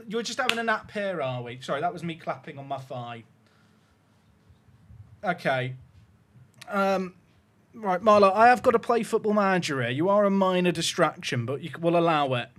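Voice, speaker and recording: Dude streaming, high bouncy voice, rambles and restarts words, coos at his puppy. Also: a bit bright, no echo. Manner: rambling, chatty, self-interrupting. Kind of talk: casual live-stream chat.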